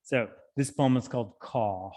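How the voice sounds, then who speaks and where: A male poet giving a reading, speaking in an unhurried, thoughtful way between and through his poems. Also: mid-range voice, darkish tone. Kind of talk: poetry reading with spoken commentary. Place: library hall. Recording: long hall reverb.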